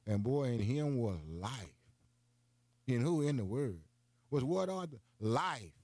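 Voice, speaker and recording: An older man preaching a broadcast sermon in a folksy way, often calling his listeners "boy" and climbing into high, emphatic runs. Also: lively intonation, measured pace, a little mellow, no room sound.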